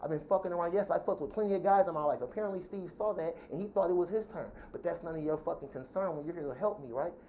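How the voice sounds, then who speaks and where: A woman venting in a heated, profane personal rant, talking fast and indignantly about how she has been treated. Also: fairly low pitch, warm tone, a little hiss or hum. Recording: dull lo-fi sound.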